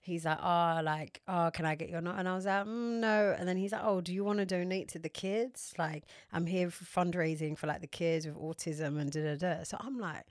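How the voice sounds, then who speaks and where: Woman, London accent, podcast co-host, animated storyteller, dry close sound. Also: fairly low pitch, fairly quick, few pauses, no echo. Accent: London English. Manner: animated storytelling, acts out dialogue. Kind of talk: casual chat.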